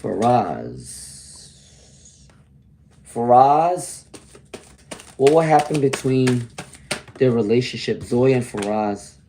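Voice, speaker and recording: Man, hoarse, warm low tone, tarot reader, chatty live stream, greets viewers. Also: big pitch swings, takes it slowly, pauses often, a little hiss or hum. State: hoarse from laryngitis.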